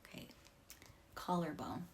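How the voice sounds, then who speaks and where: A woman leading an emotional tapping session, talking casually and candidly, swearing now and then and dropping to a soft whisper for the affirmations. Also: measured pace. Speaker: EFT tapping instructor. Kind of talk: guided tapping instruction.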